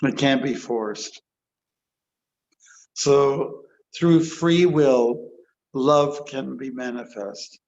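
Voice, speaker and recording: A man, a monk giving a scripture class, talking in an animated, playful way and acting out quotes. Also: medium pitch, drawn-out words, pauses often, muffled recording. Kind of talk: lecture with storytelling.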